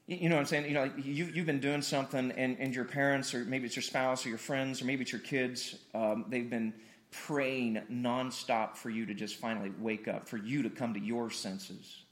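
A man's voice: medium pitch, steady tone, moderate pace. A male pastor from Missouri, preaching a conversational sermon in a church and repeating words as he builds emphasis. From Missouri, USA. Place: church hall, streamed online.

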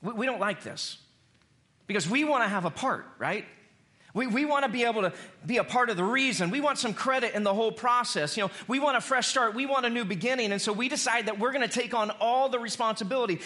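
A man in his thirties preaching a sermon to a church, telling stories with lively acted-out quotes. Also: very high voice, fairly quick. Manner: animated storytelling, acts out quotes. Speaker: pastor.

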